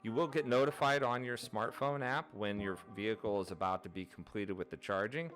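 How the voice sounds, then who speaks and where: Man, lowish voice, steady explainer voice-over, methodical, faint music underneath. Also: fairly quick. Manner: steady, methodical, lists items one by one. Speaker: channel host.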